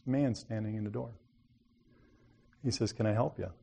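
Earnest low-voiced preacher with a mellow tone. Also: male voice, steady tone, moderate pace, creaky. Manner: earnest, folksy, builds to emphatic appeals. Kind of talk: sermon with storytelling.

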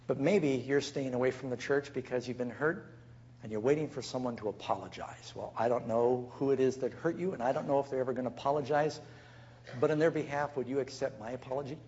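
A man's voice: medium pitch, brisk, a little mellow, dull audio, slight background noise. A man preaching as a pastor, telling stories and acting out the people he quotes. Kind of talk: sermon.

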